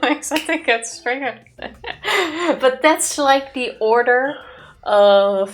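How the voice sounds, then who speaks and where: A woman's voice: sits high, takes it slowly. A woman co-hosting a let's play, chatting casually about the game in a playful, giggly way. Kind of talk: casual gameplay commentary.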